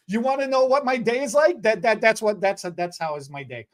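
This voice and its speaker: A woman's voice: on the high side, fairly quick, hardly any pauses. A woman hairstylist in casual chat, telling work stories and acting out her clients in put-on voices. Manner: animated, acts out clients in put-on voices, laughs often.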